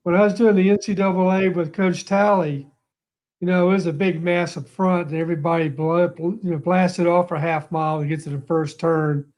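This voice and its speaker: A man's voice: high voice, steady tone, brisk, a little mellow. An older man, the inductee, reminiscing in a chatty way during his acceptance speech. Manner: chatty, reminiscing, laughs at himself.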